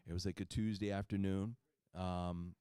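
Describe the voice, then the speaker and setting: A man's voice: low-pitched, flat delivery, moderate pace, mellow, smooth, no echo. A man presenting at a clinic, giving an upbeat, persuasive sales talk that he keeps checking with "okay?" and "right?". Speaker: clinic presenter pitching a supplement.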